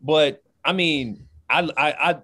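Ex football player guy, super expressive, dry close mic. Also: fairly high pitch, slow pace, no echo. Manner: animated, expressive, emphatic. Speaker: former football player, guest. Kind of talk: interview conversation.

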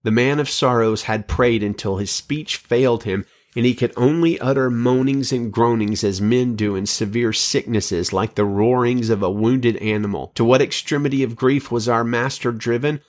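A man's voice: medium pitch, moderate pace, few pauses. Earnest male preacher reading scripture. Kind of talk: sermon reading scripture and quotations.

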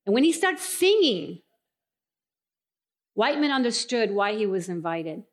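A middle-aged woman pastor preaching a sermon, telling stories and slowing down and softening her voice to stress key lines. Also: medium pitch, very animated. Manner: storytelling, slows and softens for emphasis.

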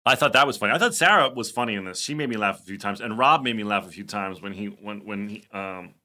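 A man co-hosting a podcast, teasing his co-host and retelling scenes in a profane, animated way. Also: lowish voice, quick pace. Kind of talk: casual rewatch chat.

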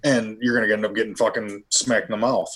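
A man's voice: on the low side, flat delivery, quick pace, a bit bright, rough recording. A man bantering with crude jokes and cursing on a casual podcast. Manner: profane, laughing banter. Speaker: podcast co-host.

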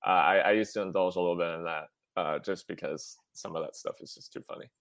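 A man co-hosting a soccer podcast, talking in a halting, relaxed way with many fillers. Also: sits low, no room sound. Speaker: podcast co-host. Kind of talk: casual podcast chat.

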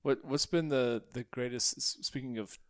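A young adult man hosting a podcast and interviewing his father, playful and quick to laugh. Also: mid-range voice, no room sound. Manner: playful, laughs often, upbeat. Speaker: podcast host.

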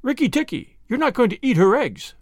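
A man voicing a tiny, excitable, boastful male tailorbird with a shrill sing-song, flattering manner. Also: fairly quick, no room sound, studio quality, heavily acted. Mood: excited chirping.

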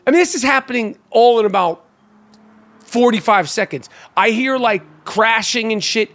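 This podcast host, high-pitched and speaking at a moderate pace, stumbles through fillers and restarts while telling a story. His manner is loose and animated, with free cursing throughout.

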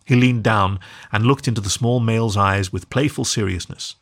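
A man reading a storybook aloud as the storyteller, in an expressive, measured way. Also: fairly low pitch. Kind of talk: scripted narration.

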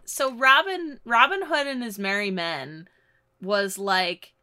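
A woman's voice: mid-range voice, slow pace, pushed and bright, smooth, dry recording. A woman co-hosting a casual brainstorming chat, easygoing and giggly, thinking aloud with many fillers.

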